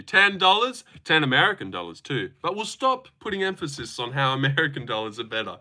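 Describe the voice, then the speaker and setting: A man's voice: mid-range voice, big pitch swings, brisk, few pauses, pushed and bright. A young man with an Australian accent hosting a casual livestream, joking, swearing freely and reading chat aloud. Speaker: streamer host.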